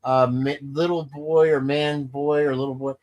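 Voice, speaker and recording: Chatty guy host riffing on movies, kinda high voice, rambling. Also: flat delivery, moderate pace, highs cut off. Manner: rambling, jokey, quotes movie lines in shouted voices. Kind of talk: casual banter.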